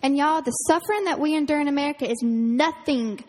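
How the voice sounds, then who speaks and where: A woman camp counselor, giving a casual, earnest youth sermon full of fillers and quick laughs. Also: high-pitched, a little mellow. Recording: reverberant hall.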